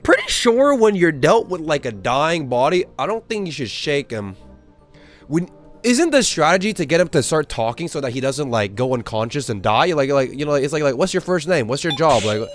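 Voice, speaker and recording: A man giving let's-play commentary and reading the story aloud, animated and loose. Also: on the high side, moderate pace, soft background music. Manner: animated, reads all characters aloud. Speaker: gamer.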